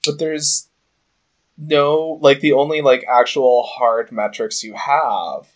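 A man of middle pitch talks in a casual podcast chat. He speaks haltingly, restarts his sentences, leans on fillers, and swears freely. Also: fairly even intonation, slight background noise.

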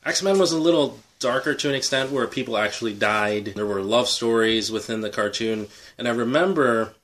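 A man's voice: medium pitch, moderate pace, a bit bright. A man co-hosting a casual podcast, looking back on growing up. He speaks in an easy, conversational way and often chuckles mid-sentence. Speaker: podcast co-host.

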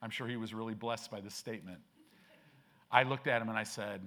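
Speaking a little fast with long pauses, an older pastor delivers a sermon in a church sanctuary in a lowish, sharp-toned voice. His conversational storytelling climbs toward emphatic pronouncements.

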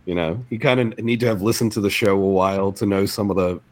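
A man's voice: lowish voice, fast, darkish tone. A man telling a funny story in a casual chat, swearing freely, laughing often and acting out the people he quotes.

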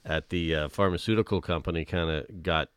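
Hoarse guy hosting a podcast, deep smooth voice, dry close mic, laid-back halting questions. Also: steady tone, a bit bright, no echo. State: hoarse, losing his voice. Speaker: podcast host. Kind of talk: casual interview.

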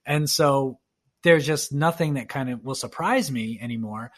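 A man sits as a guest on a podcast, telling stories in a relaxed, animated way. He acts out bits of dialogue and restarts his sentences often. His pitch sits in a middling range. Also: normal speed. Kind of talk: casual storytelling chat.

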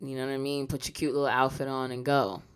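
A woman's voice: a bass voice, flat delivery, fast talker, clear, resonant tone. A woman co-hosting a podcast in casual, frank chat, often saying "you know" and laughing easily. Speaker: podcast co-host.

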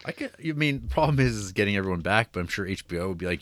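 A man's voice: on the low side, lively intonation, rapid-fire, a bit bright, no echo. A man co-hosting a podcast, reading out film releases with dry, wry humor. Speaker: podcast co-host. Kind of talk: casual chat.

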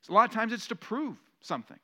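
A man's voice: sits high, big pitch swings, fast talker. A man preaching a sermon to his church, telling stories and building to rhetorical questions with rising emphasis. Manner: storytelling, varies loudness for emphasis. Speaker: pastor.

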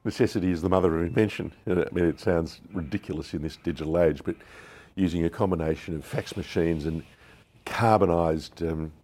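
This Australian businessman in his 60s speaks a little fast in a low, darkish voice. He's a founder guest in a storytelling interview, candidly recounting anecdotes and acting out people's words.

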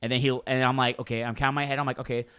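A swearing, animated male storyteller. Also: medium pitch, racing, clean tone. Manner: animated storytelling, swears freely, acts out coworkers' lines. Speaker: storyteller in a casual chat. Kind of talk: casual chat.

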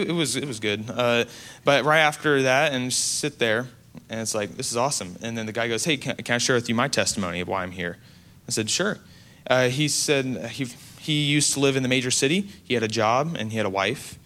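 Young US man, earnest and halting testimony storyteller, crisp clear voice. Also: mid-range voice, sharp tone. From United States. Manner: earnest, halting, many restarts. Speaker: mission trip speaker.

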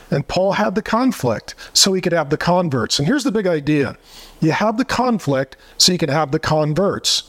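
A man preaching a sermon as a pastor, delivering it in a forceful, combative way. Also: a little high.

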